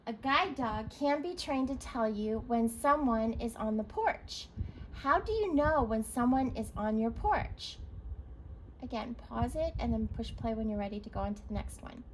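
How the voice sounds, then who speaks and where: A woman's voice: a little high, slight background noise, poor audio. A woman teacher leading a recorded reading lesson for young children, encouraging and spelling words out letter by letter.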